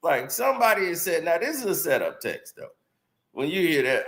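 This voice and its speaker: A man's voice: on the high side, big pitch swings, moderate pace, a bit bright, echoey room. A man streaming casual reaction commentary on news, laughing often and joking as he talks.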